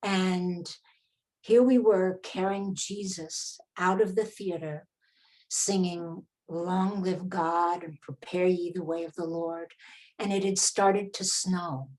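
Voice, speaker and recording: Low-pitched woman, slow measured delivery, reflective storyteller. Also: fairly even intonation, darkish tone, poor audio. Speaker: original cast member.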